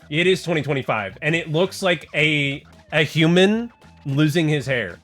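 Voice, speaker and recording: Excitable guy streaming, pitched a touch high, rambling to chat over quiet music. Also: normal speed. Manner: rambling and excitable, heavy on "like" and "dude"; talks to chat, reads text aloud. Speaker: livestreamer. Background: faint music.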